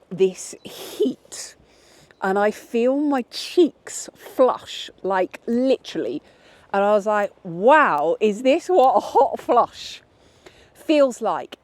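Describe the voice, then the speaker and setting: A woman's voice: medium pitch, a little mellow, no echo. Chatty woman, dry close sound. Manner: chatty, candid, rambling with restarts. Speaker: vlogger. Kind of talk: casual chat. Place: outdoors on a path.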